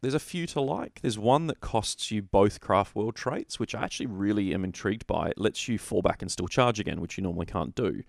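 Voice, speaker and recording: A man's voice: fairly low pitch, lively intonation, fairly quick, gravelly, few pauses, no echo, clean studio sound. A man co-hosting a casual tabletop wargaming chat, rambling and opinionated, often correcting himself mid-sentence. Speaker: podcast co-host.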